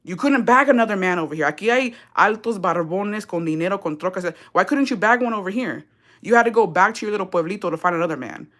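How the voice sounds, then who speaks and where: A woman's voice: on the low side, fairly bright tone. Profane ranting woman. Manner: profane, sarcastic, switching between English and Spanish. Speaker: live-stream vlogger. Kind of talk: heated rant on a livestream.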